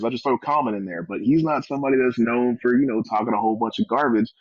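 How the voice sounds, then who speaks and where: A man talking casually as a guest in an interview, joking and telling animated stories. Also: medium pitch, quick pace, few pauses, no echo, muffled recording. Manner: joking, animated storytelling with comic voices. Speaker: wrestler guest.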